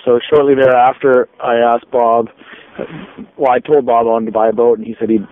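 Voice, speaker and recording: A man casually telling a long anecdote on a podcast, in a relaxed, rambling way. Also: mid-range voice, moderate pace. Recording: tinny lo-fi phone-like sound.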